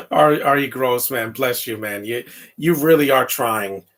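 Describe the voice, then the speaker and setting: Man, casual movie commentary, laughs a lot, rambling asides, loud reactions to the screen, middle pitch. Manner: reacts loudly to the film, quoting lines in a high voice. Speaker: film commentary podcaster.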